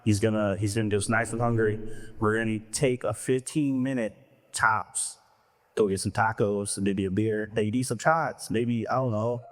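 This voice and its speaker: A man's voice: fairly low pitch, steady tone, normal speed. A man hosting a comedy show, joking crudely and loosely while running the lineup between acts. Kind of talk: stand-up hosting.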